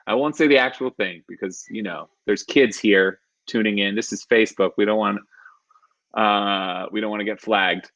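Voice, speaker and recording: A man's voice: lowish voice, normal speed, a bit bright, dry recording. A stand-up comedian in his thirties from the San Francisco Bay Area, telling a personal story on a live stream, chuckling often and rambling with fillers. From San Francisco Bay Area, California. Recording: dull lo-fi live-stream audio.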